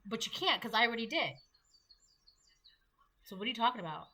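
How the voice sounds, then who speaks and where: A woman's voice: fairly high pitch, animated, a little fast, bright, forceful tone, slight background noise. A woman giving a casual tarot reading, chatty and acting out the voices she quotes. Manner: chatty, acts out quoted voices, laughs at own jokes. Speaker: tarot reader.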